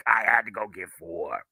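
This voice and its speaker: A man hosting a livestream, chatting casually as an excitable fan who gushes and laughs often. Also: lowish voice, no echo. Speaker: livestream host.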